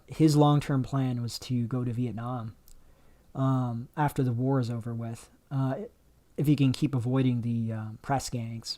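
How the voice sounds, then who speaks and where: A man's voice: mid-range voice, warm tone. Rambling male livestream host. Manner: rambling, many fillers and restarts, answering chat questions. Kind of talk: casual livestream chat reading superchats. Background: dog barking faintly.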